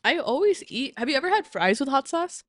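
Lively, giggly young-sounding woman. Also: high-pitched, brisk, no room sound. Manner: lively and expressive, giggly, says "like" a lot. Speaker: podcast co-host. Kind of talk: casual chat. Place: podcast studio.

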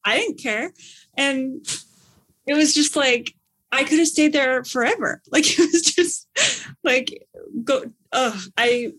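A woman telling a personal story in casual chat, gushing and animated, acting out what people said. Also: sits high, takes it slowly. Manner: bubbly, gushing, acts out quotes with big excited outbursts.

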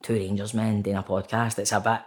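Scottish man, lowish voice, casual storytelling, says mate a lot, swears. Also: little pitch movement, a little fast. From Scotland. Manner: chatty storyteller, keeps saying mate, swears freely. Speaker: actor guest. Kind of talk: casual chat. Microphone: remote call.

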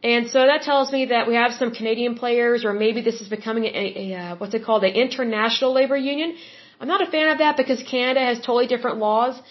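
A middle-aged woman hosts her own podcast in a chatty, emphatic way, often circling back to repeat a point. Her voice sits a little high for a woman. The sound is dull and lo-fi. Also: fast. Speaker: podcast host. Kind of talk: casual solo podcast monologue.

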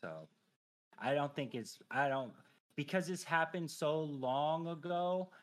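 A man in his thirties, a veteran guest on a podcast, telling a personal story in casual chat, profane and animated, full of filler phrases. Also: fairly high pitch, takes it slowly.

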